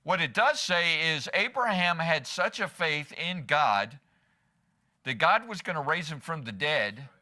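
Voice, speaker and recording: A man's voice: fairly high pitch, bright, forceful tone. A man as pastor preaching a sermon in church, asking the congregation rhetorical questions and slipping in humor.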